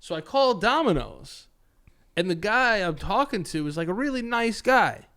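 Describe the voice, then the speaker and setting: A man's voice: high voice, sing-song, normal speed, fairly bright tone. A man co-hosting a podcast, telling a story in casual chat with lots of swearing and quoted voices. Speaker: podcast co-host.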